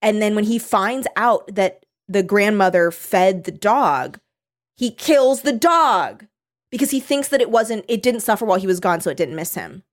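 A woman's voice: medium pitch, animated, moderate pace. A woman in casual conversation, recapping a book in a loose, rambling way. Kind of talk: casual chat about a book.

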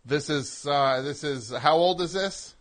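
A man's voice: on the high side, measured pace. A man hosting a call-in show in casual chat, riffing sarcastically with stammering restarts.

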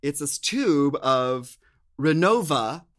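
A man co-hosting a podcast, telling stories in a campy, animated casual way. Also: fairly high pitch, takes it slowly. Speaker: podcast co-host. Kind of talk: casual chat.

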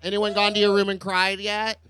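A man's voice: sits high, monotone, fairly quick, bright, forceful tone. A man co-hosting a live podcast show, bantering with teasing, bossy jokes into a handheld mic. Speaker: co-host. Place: live show at a poolside venue.

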